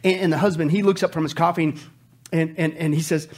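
A pastor telling jokes in a sermon to a congregation, with animated storytelling and frequent stammering restarts. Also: male voice, fairly high pitch, fast.

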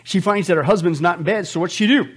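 A pastor telling jokes in a sermon to a congregation, with animated storytelling and frequent stammering restarts. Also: male voice, high voice, fast talker, slightly rough.

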